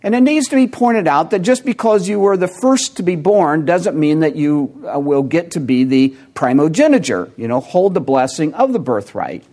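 A man delivers a teaching sermon, working through scripture one word at a time. His voice sits somewhat high for a man, and he speaks in a measured way, with the odd filler and self-correction. Now and then he turns to quiz the congregation. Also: lively intonation, warm tone. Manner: teaching, explains word meanings, addresses congregation with questions. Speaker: pastor. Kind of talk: expository sermon.

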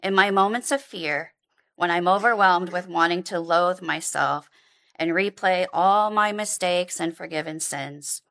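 Low gravelly woman reading a testimony. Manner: calm, devotional, measured reading. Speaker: church member reading a personal reflection. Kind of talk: read personal testimony.

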